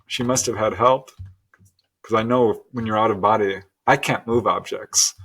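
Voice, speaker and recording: A middle-aged man as a guest, telling a personal story earnestly and with animated laughs. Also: on the low side, moderate pace, husky. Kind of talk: storytelling interview.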